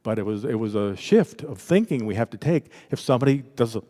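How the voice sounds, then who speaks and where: A man leading an interactive spiritual workshop at a church, talking in a lively, conversational way and acting out the voices he quotes. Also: medium pitch, brisk. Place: church hall. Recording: echoey hall with long reverb.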